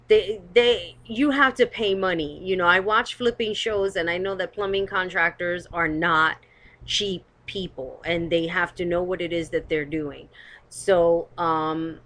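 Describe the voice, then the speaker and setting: A woman's voice: mid-range voice, fairly bright tone. A woman giving casual, opinionated commentary as host of her own live stream. She talks bluntly, swears, and rambles with lots of hedging, recorded on a webcam. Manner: blunt and rambling, swears, hedges with "I don't know".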